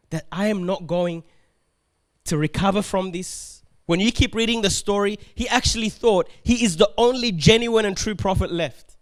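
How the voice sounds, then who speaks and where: High-voiced man preaching a lively sermon. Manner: animated preaching, acting out quoted complaints; laughs often while preaching. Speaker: pastor.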